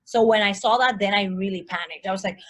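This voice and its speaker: A woman telling a personal story as a guest in a casual chat, animated, full of likes and restarts. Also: medium pitch, fast, heavy background noise.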